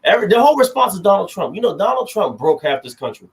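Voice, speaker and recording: A man's voice: high voice, very animated, fast. A young man co-hosting a podcast, ranting animatedly through heated political banter and cutting in with "hold on". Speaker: podcast co-host.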